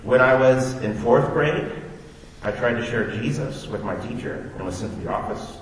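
A man from Orlando, Florida, giving a personal testimony, rambles through chatty, self-deprecating stories before an audience. He speaks at medium pitch and a moderate pace. There's slight background noise, and the recording sounds distant in an echoey hall.

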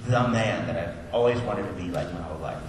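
A man in his thirties preaching a sermon as pastor, conversational, moving between soft, slow confiding and loud, urgent emphasis. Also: sits low. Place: church sanctuary. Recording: echoey hall, distant mic, audible room noise.

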